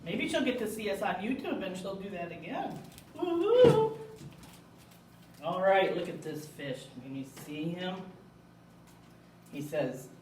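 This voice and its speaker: A woman hosting a library storytime, reading picture books aloud in a playful, animated way. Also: on the low side, measured pace, pauses often, slight background noise. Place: library room. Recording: echoey room, mic far off.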